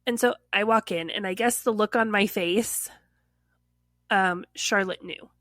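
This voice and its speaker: A woman's voice: medium pitch, measured pace, dry recording, studio quality. A woman casually telling a personal story on a podcast, acting out what others said and filling her speech with "like.". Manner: animated, acts out quoted voices, lots of "like".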